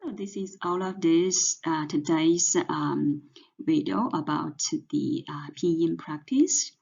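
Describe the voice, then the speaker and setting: A woman with a Mandarin Chinese accent, a native Chinese speaker, teaching a language lesson in a slow, hesitant way with many fillers. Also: low-pitched, vocal fry, a little mellow, husky. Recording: dull lo-fi audio.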